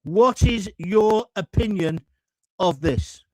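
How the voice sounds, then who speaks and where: A man's voice: high-pitched, slow, dry recording, low-quality recording. A man from England hosting a live call-in stream, ranting indignantly, sometimes swearing and getting heated as he reads viewer comments. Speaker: host of live call-in show. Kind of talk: opinionated live-stream monologue.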